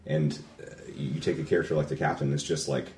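Very deep-voiced fast-talking man. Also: level tone, a little mellow, roomy sound, recorded from a distance, a little hiss or hum. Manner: rambling, restarts often. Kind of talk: casual movie discussion.

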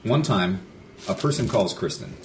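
Low-voiced man telling a story. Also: moderate pace. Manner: animated storyteller, acts out quoted voices. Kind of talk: casual storytelling chat.

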